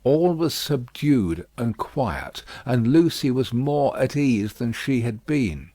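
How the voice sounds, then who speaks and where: A man narrating a classic novel as an audiobook, measured and expressive. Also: medium pitch, dry recording. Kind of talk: scripted narration.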